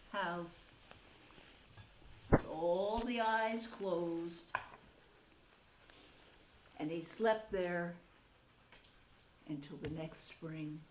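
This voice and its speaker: A woman teacher reading a picture book aloud to children in a soft, gentle way. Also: on the low side, slight background noise. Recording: roomy echo, faint ambience.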